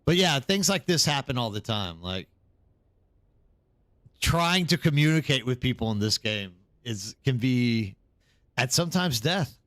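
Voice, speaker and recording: A man's voice: medium pitch, big pitch swings, a little slow, long pauses, a bit bright, dry recording, studio quality. A tired man live streaming, chatting casually and rambling as he answers viewers in the chat.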